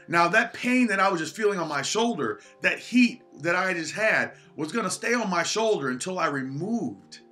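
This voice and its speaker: A man's voice: fairly high pitch, bright, forceful tone. A man giving an earnest motivational talk on a livestream, shifting his pace often. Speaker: motivational speaker.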